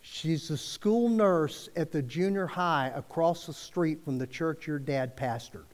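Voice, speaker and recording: A man's voice: a little high, a little slow, in a large hall. A man preaching, telling a personal story in a conversational way and acting out the dialogue with frequent restarts. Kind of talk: sermon storytelling.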